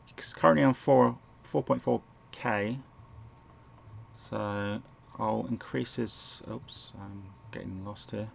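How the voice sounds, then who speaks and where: A man with a sore throat and a croaky voice, rambling and correcting himself as he casually talks through a management game at home. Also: on the low side, fairly even intonation, takes it slowly, a little hiss or hum. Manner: rambling, self-correcting, chuckles often. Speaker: gameplay commentator. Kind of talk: casual game walkthrough commentary. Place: home, indoors.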